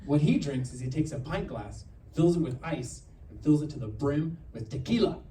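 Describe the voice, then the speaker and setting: A man doing a stand-up set, telling stories in an animated way and acting out other people's voices. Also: fairly high pitch, normal speed, far from the mic. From New Mexico. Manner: animated storytelling with acted-out voices. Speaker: stand-up comedian. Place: theater stage with audience laughter. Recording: roomy theater sound from afar, audience noise.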